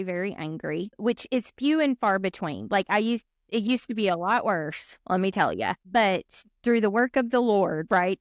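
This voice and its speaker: Animated woman podcast co-host, dry close sound. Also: mid-range voice, no room sound. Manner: animated storyteller, acts out quoted voices. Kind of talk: casual chat.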